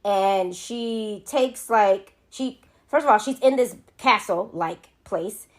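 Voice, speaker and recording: A woman's voice: medium pitch, slow pace. A woman co-hosting a casual podcast, retelling a film plot in a rambling way and stopping to search for words. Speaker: podcast co-host. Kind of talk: casual movie recap chat.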